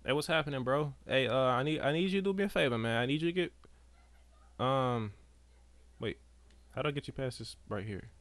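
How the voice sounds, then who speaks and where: A man's voice: mid-range voice, a little fast, a bit bright, dry recording. A man giving casual, chatty commentary while streaming a video game, talking to his chat and to the characters on screen. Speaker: gameplay streamer. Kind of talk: casual live gameplay commentary.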